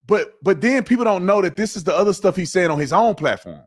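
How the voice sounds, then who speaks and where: A man's voice: high voice, lively intonation, fast. A man hosting a live reaction stream, talking emphatically and repeating words as he starts each point. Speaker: host.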